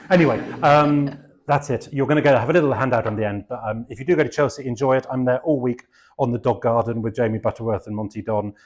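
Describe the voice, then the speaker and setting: A man's voice: medium pitch, quick pace. A middle-aged man from England with a southeast English accent, giving a rambling, self-deprecating talk with many fillers. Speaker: garden designer giving a talk. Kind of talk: chatty public talk.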